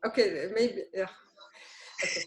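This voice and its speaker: This Lebanese teacher speaks at a measured pace in a mid-range voice while giving a beginner Arabic lesson. Patient and encouraging, she keeps asking "okay?" to check on her students, and the room sounds roomy with a little noise.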